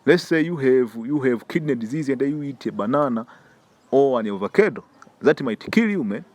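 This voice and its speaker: A man's voice: mid-range voice, animated, moderate pace, darkish tone, dry recording. Tanzanian man preaching an emphatic lesson. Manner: emphatic, repeats words and calls listener "man". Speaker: religious health teacher.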